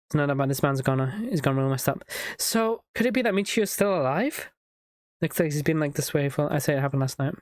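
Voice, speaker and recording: Brief: streamer reading game lines aloud, quick, mid-pitched voice, dry close sound. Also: expressive, no room sound. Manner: reads lines quickly, laughs and riffs.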